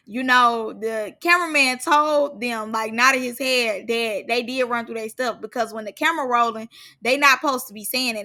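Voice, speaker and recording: A high-voiced woman gossips casually through a reality show recap in loose, slangy language. She sounds bright and cutting, animated, and laughs often.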